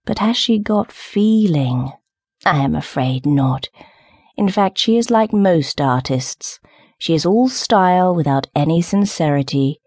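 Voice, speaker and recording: A woman's voice: lowish voice, animated, measured pace, darkish tone, breathy edge, no room sound, studio quality, full character voice. A woman voicing an aloof, self-important young male student in an audiobook. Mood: dismissive. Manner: dismissive and lofty.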